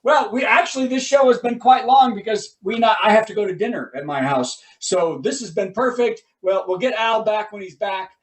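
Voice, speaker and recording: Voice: medium pitch, recorded from a distance. A host bantering and cheering between acts on a virtual comedy show over a video call. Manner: whooping, quick jokey banter. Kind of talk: casual chat hosting a virtual comedy show.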